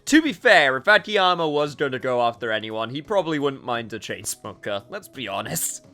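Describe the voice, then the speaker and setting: A man's voice: medium pitch, moderate pace, hardly any pauses, faint music behind. A man hosting a let's play, joking about his own bad accents in casual gameplay commentary. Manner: animated, joking, self-deprecating.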